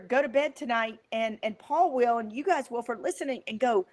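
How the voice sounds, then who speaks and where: Animated woman speaking with emphatic zeal. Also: a little high, a little fast, few pauses. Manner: emphatic and animated, with frequent fillers. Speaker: interview guest, storyteller. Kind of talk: motivational conversational talk.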